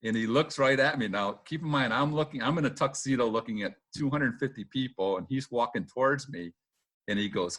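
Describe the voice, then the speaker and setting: A man's voice: mid-range voice, brisk. Middle-aged man telling racing stories. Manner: lively anecdotes, acts out quotes, laughs often; filler-heavy with "uh" and "um". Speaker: retired boat racer, guest. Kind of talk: casual storytelling interview.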